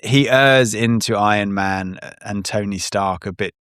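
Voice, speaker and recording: A man hosting a casual podcast chat, talking in halting bursts with frequent restarts and laughter. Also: on the low side, fairly bright tone, smooth, dry recording, clean studio sound. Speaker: podcast host.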